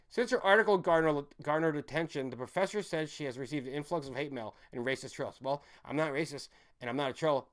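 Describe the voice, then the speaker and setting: Ranting male stream host, slightly high. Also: brisk. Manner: heated, profane, swings between shouting and muttering. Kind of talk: ranting live stream monologue.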